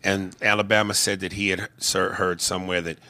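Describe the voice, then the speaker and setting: A man co-hosting a podcast in casual movie chat, profane and animated, slipping into mocking impressions and shouting when riled. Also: sits low, a little fast. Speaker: podcast co-host.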